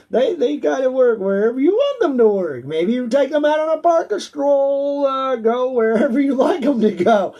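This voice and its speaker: A man's voice: very high-pitched, big pitch swings, normal speed, warm tone. A man with a stuffy nose, a host chatting casually and answering viewer questions, rambling and laughing often. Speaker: auctioneer.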